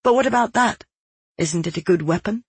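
An eager young woman recruit speaks up with blunt questions, as a man puts her on in a storybook. The voice is lifted well above the reader's own and stays husky. The sound is dry and close. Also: sits high, a little fast, no room sound, voice pushed up.

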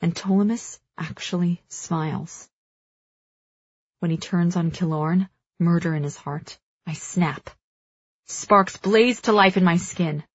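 A woman narrating dramatic first-person fiction as an audiobook reader, measured and slowing for tense moments. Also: fairly low pitch, husky, dry recording, dull audio.

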